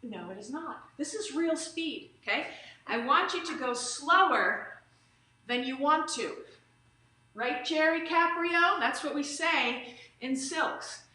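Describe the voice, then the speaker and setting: A woman's voice: sits high, expressive, takes it slowly, sharp tone. A woman teaching a live online stretch and strength class, upbeat and chatty, often drifting into little tangents. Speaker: fitness instructor. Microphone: camera or phone streaming live. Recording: roomy echo.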